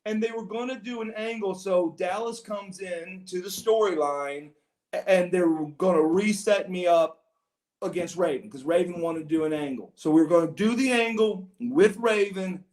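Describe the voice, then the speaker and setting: High-voiced man telling rambling stories. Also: moderate pace, darkish tone. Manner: meandering, repeats words, says "bro". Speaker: podcast guest, former pro wrestler. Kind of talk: rambling storytelling. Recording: roomy echo.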